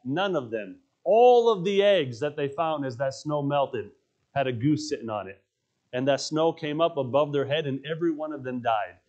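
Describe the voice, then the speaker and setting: Pastor guy preaching in church, voice sits a bit high, punchy storytelling, says the big lines twice. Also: darkish tone, highs cut off. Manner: emphatic storytelling, repeats key phrases. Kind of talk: sermon. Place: church sanctuary.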